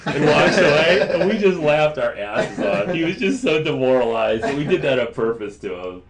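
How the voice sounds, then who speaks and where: A man's voice: mid-range voice, big pitch swings, brisk. A man hosting a podcast, a laid-back storyteller who swears and laughs often in casual chat. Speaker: podcast host.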